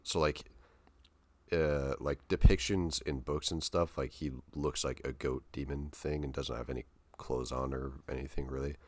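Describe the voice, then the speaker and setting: A man's voice: extremely low pitch, steady tone, moderate pace, no echo. A young man co-hosting a podcast, telling a story in a loose, rambling way full of fillers and slang. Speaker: podcast co-host. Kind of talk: casual podcast chat.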